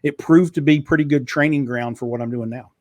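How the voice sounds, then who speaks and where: Middle-aged male guest, slight Kentucky twang, polished radio-trained delivery, mid pitch, dry close sound. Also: brisk, no echo. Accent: slight Eastern Kentucky twang. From Eastern Kentucky. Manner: fluent, polished broadcaster delivery with frequent restarts. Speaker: guest, author and former radio DJ. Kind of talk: casual interview conversation.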